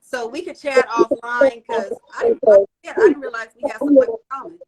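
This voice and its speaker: A woman's voice: high-pitched, brisk, rough recording. Upbeat Californian woman host, crowd behind. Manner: energetic, repetitive, folksy with y'all. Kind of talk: casual promotional interview wrap-up.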